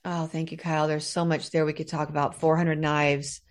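A woman hosts an interview in a somewhat low voice. She responds to her guest with affirmation and open emotion, often murmuring agreement. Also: flat delivery, normal speed. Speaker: interview host. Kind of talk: conversational interview.

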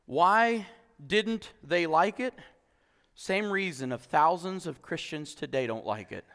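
A male pastor preaching an animated sermon, acting out voices and laughing often. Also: on the high side, slow pace, big-room sound.

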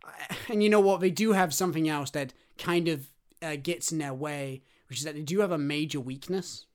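A man co-hosting a casual podcast chat, excitable and rambling, full of fillers. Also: a little high, normal speed. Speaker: podcast co-host.

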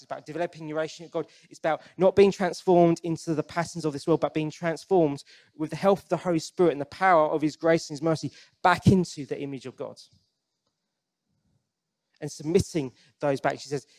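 Earnest, slightly high-voiced male preacher. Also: darkish tone. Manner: earnest, conversational, with frequent restarts and repetitions; asks the congregation direct questions. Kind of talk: sermon.

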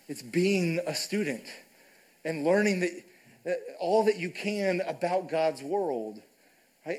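A man's voice: a little high, a little mellow, poor audio. Conversational preacher, man. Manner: conversational, frequent "right?" asides. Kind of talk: sermon. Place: church sanctuary.

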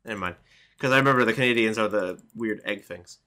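A man's voice: fairly low pitch, fast, sharp tone. A man co-hosting a casual political chat, talking in a hesitant, easily amused way. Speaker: co-host.

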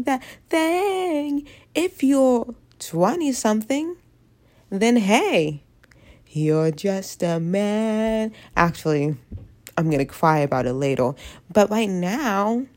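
A woman's voice: lowish voice, a little mellow. A woman of twenty with a stuffy head cold, ranting candidly and bluntly to camera, swearing freely as she rambles. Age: 20s. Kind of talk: candid vlog rant.

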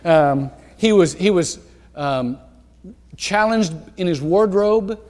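A man's voice: high voice, animated, slow, darkish tone. A male pastor preaching a sermon in a church, rambling and interrupting himself with asides and chuckles. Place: church sanctuary. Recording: church hall reverb.

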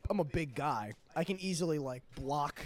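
A man's voice: on the high side, animated, moderate pace. A young man co-hosting a podcast, telling a rambling story in casual chat with lots of fillers. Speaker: podcast co-host.

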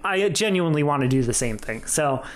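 A man's voice: fairly high pitch, lively intonation, a little fast. A young man co-hosting a podcast, giving candid, rambling opinions in casual chat. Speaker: podcast co-host.

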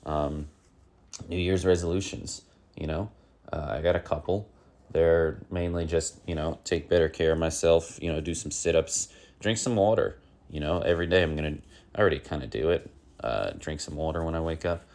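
A man's voice: extremely low pitch, moderate pace, a little mellow. A man hosting a one-man comic news show, rambling with lots of fillers and sliding into irritable rants. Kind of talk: casual rambling comic monologue.

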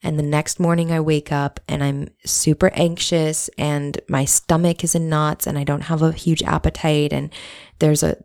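Low-voiced woman telling a candid personal story. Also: a little mellow. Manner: candid, reflective, swears casually.

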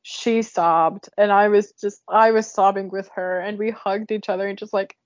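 A woman's voice: medium pitch, steady tone, normal speed, no echo. A young woman hosting a podcast, chatting casually and emotionally, laughing often. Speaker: podcast host. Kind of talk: casual chat. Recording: dull lo-fi sound.

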